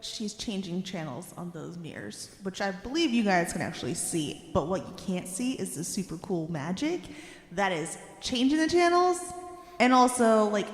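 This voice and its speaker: A woman's voice: mid-range voice, animated, normal speed. A woman playing a tabletop game, speaking thoughtfully and a bit hesitantly. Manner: thoughtful, hesitant, uses fillers. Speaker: player. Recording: echoey room with reverb.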